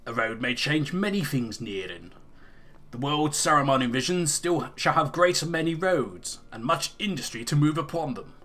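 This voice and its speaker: A man voicing a smooth-talking emissary in a game, with a put-on accent and a formal, persuasive manner. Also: fairly high pitch, animated, normal speed, a bit bright. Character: smooth-talking male emissary of a dark wizard. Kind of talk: reading game dialogue aloud in character.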